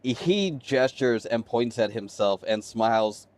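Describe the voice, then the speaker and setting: Speaking slowly in a mid-range voice, a man acting as game master for a tabletop game describes scenes with animation. He addresses the players by their characters' names.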